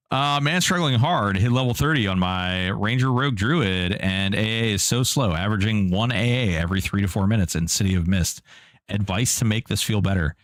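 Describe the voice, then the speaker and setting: A man's voice: on the low side, moderate pace, no echo. Streamer dude chatting over his game, teasing chat, dry close mic. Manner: chatty, jokey, reads and answers chat. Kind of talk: casual live-stream commentary.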